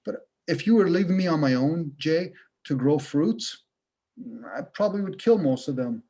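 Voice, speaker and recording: A man's voice: fairly high pitch, animated, normal speed, mellow. Blunt, profane man on a video call. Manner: blunt, profane, rhetorical questions. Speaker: video call participant sharing views. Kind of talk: casual ranting monologue.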